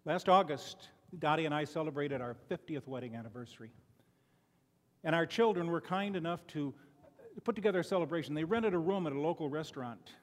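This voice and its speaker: A man's voice: fairly high pitch, animated, brisk, long reverb tail. An older man from Chicago giving a folksy, conversational sermon full of personal stories, often restarting his sentences. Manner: folksy, conversational, frequent restarts and "you know". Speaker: lay preacher. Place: church sanctuary.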